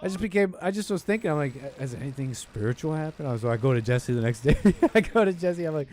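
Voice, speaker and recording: A man's voice: on the high side, expressive, fast talker, darkish tone, a little hiss or hum. A man hosting a call-in podcast, telling a rambling story in casual talk-show style and often cutting himself off mid-sentence. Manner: rambling, self-interrupting storytelling with laughs. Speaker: podcast host.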